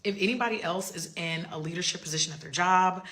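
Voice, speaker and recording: A woman speaks to camera in a blunt, emphatic monologue, and her voice has a bright, forceful edge. Her pitch sits slightly low, then leaps up whenever she presses a point. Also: fast talker. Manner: blunt and emphatic, rising sharply when making a point. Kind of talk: direct-to-camera social media monologue.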